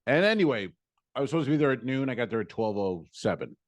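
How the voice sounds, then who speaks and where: A man's voice: mid-range voice, quick pace, dry recording. A man co-hosting a comedy podcast, telling a rambling story and acting out what people said. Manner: rambling, animated, quotes people in voices. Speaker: podcast co-host. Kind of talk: casual storytelling.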